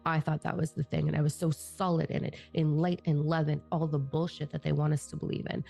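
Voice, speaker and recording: A middle-aged woman spiritual teacher speaks in a casual, profane monologue, fired-up and blunt. Her voice sits low, with a gravelly fry and a warm, mellow tone. Faint music plays underneath. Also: little pitch movement, a little fast.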